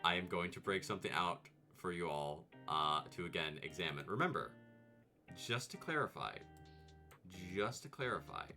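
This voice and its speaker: A man streaming comedic movie commentary, animated, profane and sarcastic. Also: sits low, normal speed, soft background music.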